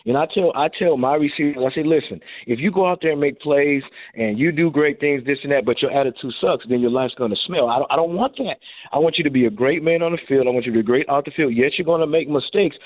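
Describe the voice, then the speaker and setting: A man's voice: medium pitch, no room sound. A man, a former pro receiver turned coach, telling stories on a radio show and acting out the quotes as he talks. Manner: animated storyteller, acts out quotes. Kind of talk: casual radio interview. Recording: tinny phone line.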